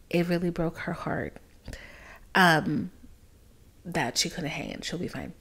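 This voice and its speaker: Dramatic, candid young woman podcaster. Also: fairly low pitch. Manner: dramatic, candid, swears freely, drops to whispers for emphasis. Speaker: podcast host. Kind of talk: casual storytelling monologue.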